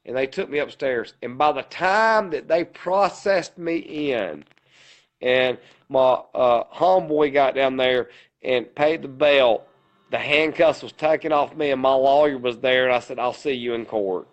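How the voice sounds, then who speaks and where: A man's voice: mid-range voice, measured pace, highs cut off. Man, podcast co-host, rambling storyteller, he-said-I-said style. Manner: rambling retelling with many "he said, I said" quotes. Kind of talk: casual storytelling.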